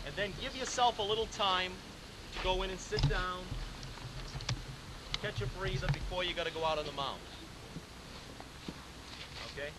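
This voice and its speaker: A man, a pitching coach, lecturing young players at a camp, checking in with "okay?" and calling them "guys". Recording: loud hiss on an old 1980s lecture tape.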